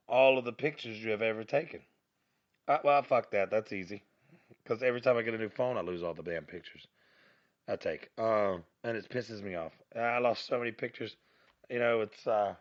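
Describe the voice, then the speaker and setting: A man's voice: lowish voice, highs cut off. A grumbling, foul-mouthed middle-aged man. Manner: crude, rambling, grumbling, lots of cursing and filler. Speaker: podcast host. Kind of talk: profane solo rant.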